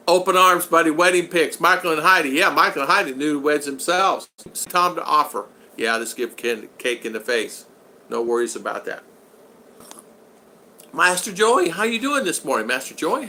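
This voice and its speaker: Bright-voiced man hosting a live chat. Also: medium pitch, a little hiss or hum. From United States. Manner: chatty, greets viewers by name, reads chat aloud. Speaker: vlogger hosting a live stream. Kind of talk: casual live-chat talk.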